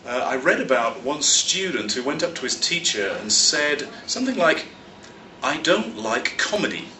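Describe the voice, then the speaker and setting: Lively bright-voiced teacher, roomy echo. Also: male voice, mid-range voice, recorded from a distance, a little hiss or hum. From London, England. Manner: clear, measured, stresses key words. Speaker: English teacher and teacher trainer. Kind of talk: explanatory spoken lesson. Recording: roomy echo, slightly off-mic.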